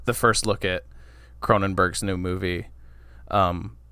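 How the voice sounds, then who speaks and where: A man co-hosting a podcast in casual chat, halting and restarting his sentences often. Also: sits low, fairly even intonation, bright, forceful tone, clean tone, no room sound. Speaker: podcast co-host.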